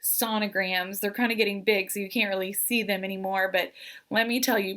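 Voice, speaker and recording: A woman's voice: medium pitch, steady tone, fairly quick, fairly bright tone. A pregnant woman in her thirties giving an earnest, emotional vlog update, hesitant and full of fillers. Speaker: vlogger.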